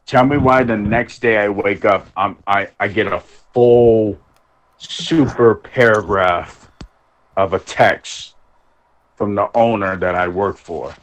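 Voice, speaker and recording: A man's voice: fairly low pitch, slow pace, rough recording. A man co-hosting a podcast, telling rambling anecdotes in casual chat, swearing heavily and acting out what people said. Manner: rambling anecdotes, heavy swearing, acts out quotes. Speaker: podcast co-host.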